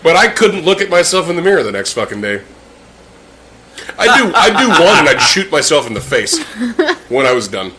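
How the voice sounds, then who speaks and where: A man's voice: a little high, big pitch swings, moderate pace, long pauses, a loud crowd. A man hosting a casual podcast, rambling, swearing freely and laughing as he talks. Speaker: podcast host.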